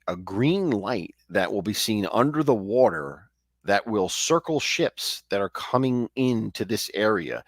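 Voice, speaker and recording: A man's voice: on the low side, no room sound, studio quality. Chatty man telling ghost stories. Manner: conversational, chatty, with frequent restarts and asides. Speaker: storyteller host. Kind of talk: casual ghost-story telling.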